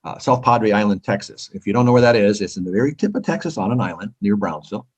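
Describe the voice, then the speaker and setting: A man's voice: fast talker, breathy edge, poor audio. A man from California, a company founder, giving eager, talkative answers in a casual interview. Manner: eager, talkative salesman pitch.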